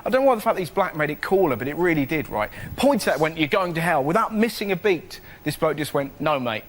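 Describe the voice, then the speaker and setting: Cheeky, animated male comedian. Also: fairly high pitch, fast. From Britain. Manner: animated, cheeky, laughs at his own jokes. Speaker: comedian panelist. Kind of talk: stand-up storytelling on a panel show. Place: TV studio with a live audience. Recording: loud studio audience laughter and noise.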